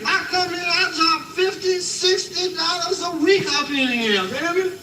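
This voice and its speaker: A man's voice: extremely high pitch, a little slow, very noisy. An actor playing a boisterous drunk man at a bar, slurring and laughing, heard as an echoey TV clip from across a room. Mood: drunken indignant. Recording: TV clip played through a room, distant and echoey.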